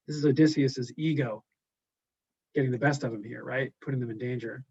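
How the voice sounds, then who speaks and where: A man's voice: medium pitch, steady tone, fairly quick, darkish tone, husky, no echo. A male teacher reading a text aloud, stopping for casual, explanatory asides. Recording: dull lo-fi recording.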